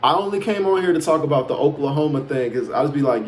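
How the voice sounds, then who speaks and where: A man's voice: a little high, lively intonation, quick pace, a little hiss or hum. A man from Chicago boasting and ranting in a rambling casual monologue, swearing freely. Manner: boastful, profane, defiant. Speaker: self-proclaimed prophet vlogger.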